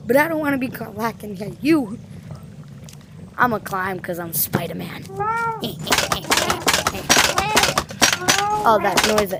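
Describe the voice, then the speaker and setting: Woman voices a cheeky house cat, high and lively, teasing slang, slow delivery, noisy home recording. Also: exaggerated voice. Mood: boastful. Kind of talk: comic voice-over for a pet video.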